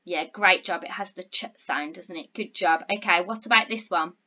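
A woman teaching phonics to young children, encouraging and clear, sounding out words slowly. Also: lowish voice, sharp tone, muffled recording. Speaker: primary school teacher.

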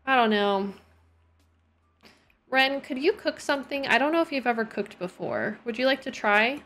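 A young woman with a slightly high voice chats her way through a gaming stream. She keeps up a loose, expressive running talk, scolding her characters and musing to her viewers between moments of play. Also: normal speed. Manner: chatty and expressive, talks to her game characters. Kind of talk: casual gameplay chat.

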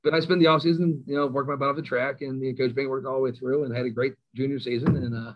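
A middle-aged man with a Kentucky accent, a high school coach telling stories as a guest, self-mocking and laughing often. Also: level tone, very fast. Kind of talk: casual storytelling interview. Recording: slightly dull lo-fi sound.

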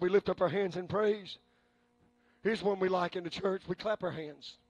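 A male preacher delivering a sermon, folksy and joking at times, building up to fervent shouting. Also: high-pitched, moderate pace, no room sound, dull audio. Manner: folksy, humorous asides.

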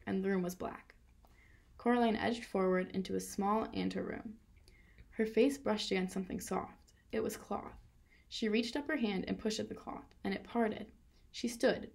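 A woman reading a children's novel aloud in a steady storytelling manner. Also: medium pitch, gravelly. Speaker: reader.

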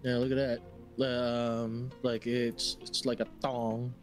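A man's voice: mid-range voice, flat delivery, takes it slowly, faint music behind. A man from the Philippines chatting as a guest on a stream, laid-back and joking crudely. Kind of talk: casual chat on a call.

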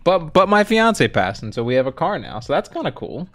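A man's voice: fairly high pitch, very animated, a little fast, fairly bright tone. A young man co-hosting a live stream, chatting casually and easygoing, amused at himself. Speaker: streamer co-host.

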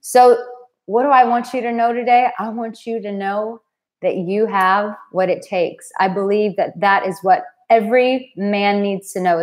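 Woman coach live streaming to her viewers, earnest and heartfelt, mid pitch. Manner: earnest, heartfelt, emotional at times. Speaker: dating coach and channel host.

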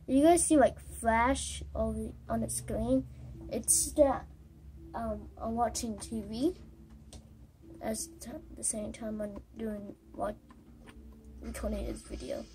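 A woman giving casual gameplay commentary while playing, halting and exasperated, with many fillers. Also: on the high side, fairly even intonation, noisy background. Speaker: gamer recording gameplay.

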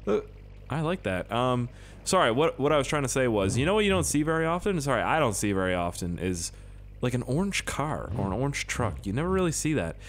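A young man hosting a casual gameplay video, rambling, swearing a lot and jumping from high excited yelps to low mutters. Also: a little fast, a little hiss or hum. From Canada. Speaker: gaming video host.

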